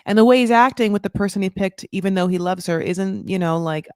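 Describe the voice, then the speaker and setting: A woman in her thirties hosting a casual recap, chatty and swearing, with lots of "like" and sudden jumps in pitch for emphasis. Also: fast, clear, resonant tone, no echo, studio quality. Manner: lively, jumps high for emphasis. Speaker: recap podcast host. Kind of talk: casual chat.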